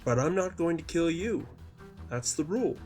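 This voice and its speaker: A man voicing a cold, taunting male villain who speaks with calm menace. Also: on the high side, normal speed, faint music behind, voice pushed up, close to an everyday voice. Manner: cool, mocking menace.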